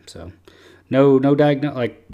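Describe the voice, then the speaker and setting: A man's voice: medium pitch, expressive, takes it slowly, mellow, muffled recording. A man hosting a casual podcast chat, rambling and easygoing with lots of fillers. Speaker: podcast host.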